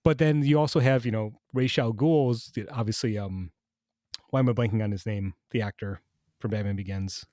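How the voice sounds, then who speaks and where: A man's voice: on the low side, fairly even intonation, brisk, a little mellow, no room sound, studio quality. A man co-hosting a podcast in casual chat, rambling and hunting for names as he talks. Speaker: podcast co-host.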